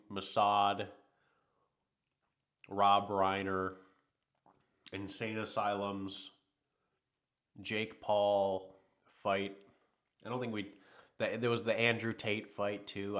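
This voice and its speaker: A man with a low voice, hosting a casual livestream while a little under the weather. He rambles in an easygoing way and talks straight to his chat. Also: little pitch movement, slow, pauses often, a bit bright. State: sick. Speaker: livestream host.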